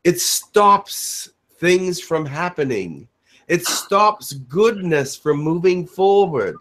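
A man speaking as the spirit Elijah in a channeled spiritual message, in a slow preaching cadence with dramatic pauses. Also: high voice, big pitch swings, fairly bright tone, full character voice. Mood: earnest. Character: Elijah, a male spirit giving a solemn message.

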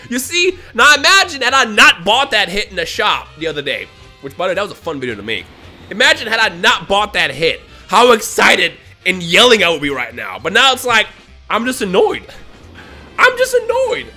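A man commentating his own mobile game pulls for a video, swinging between low grumbling and shouted, exasperated outbursts. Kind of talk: gaming vlog commentary.

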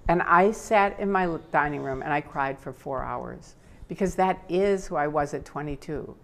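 A woman's voice: low-pitched, normal speed, creaky. An older woman as an interview guest, telling her personal story with feeling, sometimes tearful and acting out what others said. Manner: animated, tearful at times, acts out quotes.

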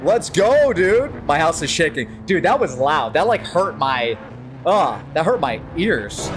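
A hyped-up American man hosts a casual gaming stream, with a voice that bounces animatedly up and down. He sits a touch above most men in pitch and calls out to chat by name. Game music plays steadily behind him. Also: lively intonation, measured pace. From United States. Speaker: gaming livestreamer. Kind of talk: casual live-stream chat while racing.

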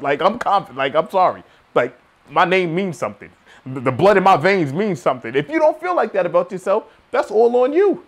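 Young man, motivational monologue, slangy, emphatic, raised voice, lively pitch swings. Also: brisk. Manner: emphatic, slangy and animated, swinging between loud challenges and low asides. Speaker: motivational video host.

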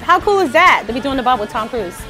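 A woman vocal coach talking chattily in a casual vlog, animated and often laughing. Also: high voice, fast, soft background music.

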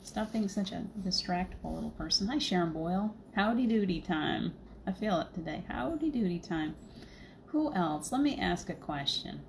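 A woman talks through a casual livestream, wandering from thought to thought and breaking into laughter often. Her voice sits on the low side. A faint hum stays in the background. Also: mellow. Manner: chatty, laughing often, rambling. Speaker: spiritual medium, livestream host.

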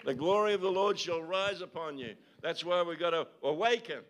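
A man's voice: fairly high pitch, moderate pace, fairly bright tone. Pastor exhorting his congregation. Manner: exhorting, repeated calls and tag questions. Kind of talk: sermon. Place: church service.

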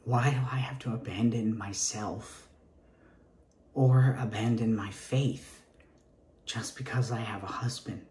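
A man's voice: lowish voice, steady tone, slow, darkish tone, reverberant. An actor playing a nervous gay man interviewing for a teaching job, rambling and stammering in a Southern accent, sometimes dropping to a whisper. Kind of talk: comic stage monologue.

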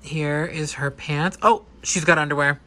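A man chatting casually and gushing while unboxing a doll, with quick excited asides. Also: a little high. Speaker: doll collector vlogger. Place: indoor room with air conditioner hum.

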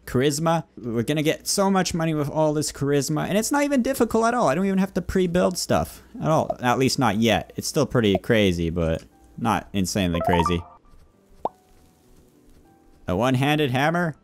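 Animated young man narrating gameplay. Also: mid-range voice, moderate pace, soft background music. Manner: animated, playful shopkeeper banter with customers. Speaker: gaming YouTuber. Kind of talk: let's play commentary.

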